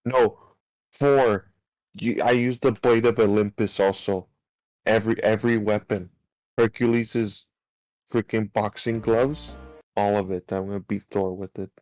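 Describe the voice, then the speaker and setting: A young man chatting casually with a friend on a stream, drawn-out and enthusiastic. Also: fairly low pitch, steady tone, darkish tone, no echo, low-quality recording. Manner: drawn-out, enthusiastic about games and films. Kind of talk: casual chat.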